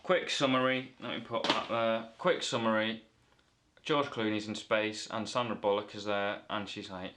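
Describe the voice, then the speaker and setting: Man from northern England, rambling comic review, low voice, playful. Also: fairly even intonation, moderate pace, hardly any pauses, noisy background. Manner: rambling, self-correcting, playful. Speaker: movie reviewer.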